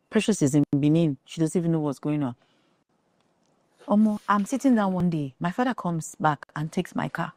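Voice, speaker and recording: A woman's voice: on the low side, lively intonation, moderate pace, a little mellow, no echo, studio quality. A Nigerian woman telling a family story as an interview guest, acting out the voices of the people in it.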